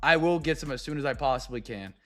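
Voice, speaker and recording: A young man hosting a live card break, chatting to viewers and going off on excitable, rambling sports rants. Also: medium pitch, quick pace, soft background music.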